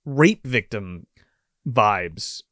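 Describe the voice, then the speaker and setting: Man co-host, casual movie chat, lively swinging pitch, dry close sound. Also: drawn-out words, no room sound. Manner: profane, rambling, animated retelling.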